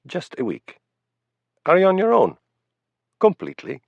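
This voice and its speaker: A man's voice: high-pitched, huge pitch swings, measured pace, vocal fry, no room sound, pitched above the performer's own voice, heavily acted. A man voicing an elegant, wealthy young woman with a slight foreign accent and a poised, charming manner, in a dull, dry recording.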